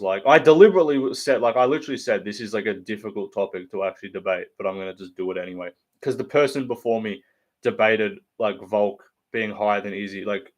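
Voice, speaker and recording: A man hosting a live fight watch-along stream, ranting bluntly with lots of swearing and mocking the fighters while answering chat. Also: fairly low pitch. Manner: blunt, profane, mocking rant.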